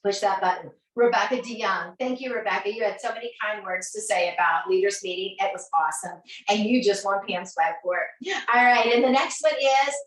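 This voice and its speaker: A woman hosting a live sales team video, bubbly and quick to laugh, announcing prize winners. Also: medium pitch, a bit bright. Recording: echoey room, far from mic.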